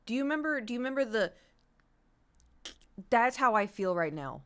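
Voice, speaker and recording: A woman's voice: fairly high pitch, sing-song, moderate pace, clear, resonant tone. Ranting, swearing woman streamer. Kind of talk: casual live-stream chat.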